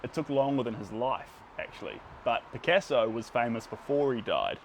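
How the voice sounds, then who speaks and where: A man's voice: medium pitch, animated, normal speed, a little hiss or hum. A man with a New Zealand accent chatting casually to his livestream viewers as he paints, greeting them by name.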